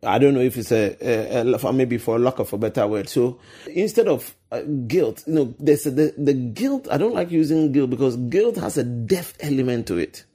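A man's voice: mid-range voice, animated, moderate pace, dark tone, breathy edge. A man giving earnest, conversational Christian teaching as a guest, often restarting and searching for words. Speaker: guest speaker.

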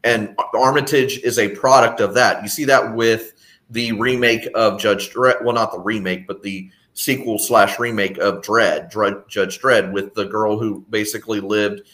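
A man with a fairly low voice talks through a loose podcast discussion. He rambles, circles back and restarts his sentences often. Now and then he drops a dry, sardonic aside. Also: steady tone, a little slow, fairly bright tone. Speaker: podcast co-host. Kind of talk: casual discussion.

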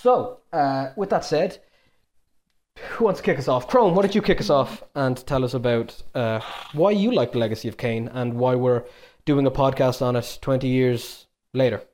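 A young man with an Irish accent hosts a casual podcast chat. He talks in a teasing, joking, chatty way, and his voice sits at a middle pitch. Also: moderate pace, darkish tone. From Ireland. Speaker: podcast host.

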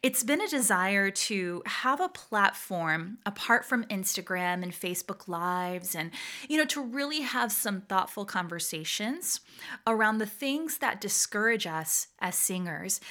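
A middle-aged woman from Puerto Rico, raised in Georgia, hosting a podcast in a casual, animated way with frequent laughs. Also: mid-range voice, unhurried. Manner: warm, animated, laughs often. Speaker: podcast host, voice teacher.

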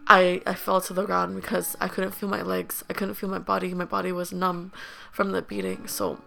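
Young woman, podcast host, heavy vocal fry, candid and rambling, faint music underneath. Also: fairly low pitch, flat delivery, normal speed, bright, forceful tone. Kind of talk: personal storytelling.

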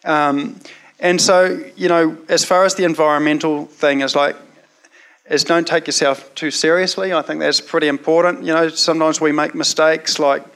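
A man with a New Zealand accent and a somewhat high voice, talking casually. He rambles and leans on "you know" and "like" as he tells a personal story. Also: steady tone, moderate pace, a bit bright, clean tone.

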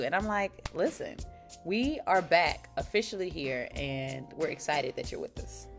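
A woman hosting her podcast in a casual chat, playful and animated, saying y'all. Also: fairly low pitch, normal speed, soft background music. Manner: animated, playful, says y'all, sings intros. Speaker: podcast host and founder.

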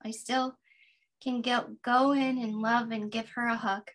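A woman in her fifties, a podcast guest, sharing a personal practice in an earnest, gently guiding way. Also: a little high, level tone. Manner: earnest, gently guiding, slow deliberate affirmations.

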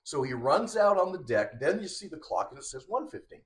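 A man's voice: a little high, sing-song, fairly quick. A man co-hosting a podcast, eagerly retelling an episode's plot scene by scene in casual chat. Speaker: podcast co-host.

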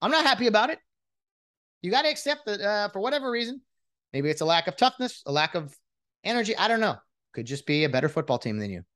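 A man vents about football in a casual rant, his pitch leaping and falling as he goes. He sounds exasperated and mocking, stumbling over restarts as the words pile up. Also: sing-song, fast, a bit bright. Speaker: sports commentator venting as a fan.

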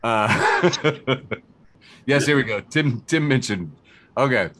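A man hosts a casual comedy podcast in a mid-range, fairly bright, animated voice at a slow pace. He rambles with lots of fillers and restarts and laughs often.

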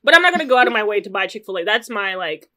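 As she relates a story on her podcast, this woman keeps it casual and animated, with free swearing and quick side remarks. Quoting herself sends her into loud, high squeals.

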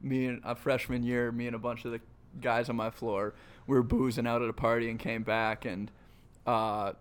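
A man's voice: mid-range voice, level tone, moderate pace, clear, resonant tone. A man in his twenties, from Minnesota, co-hosting a podcast and telling crude stories with swearing and laughter. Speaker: podcast co-host. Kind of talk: casual chat.

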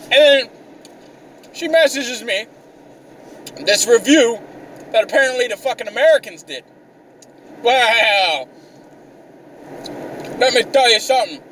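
A man's voice: extremely high pitch, lively intonation, measured pace, pauses often, fairly bright tone. A young man ranting exasperatedly in a profane, comedic vlog, swearing constantly. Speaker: vlogger. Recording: mic a bit distant, faint car noise.

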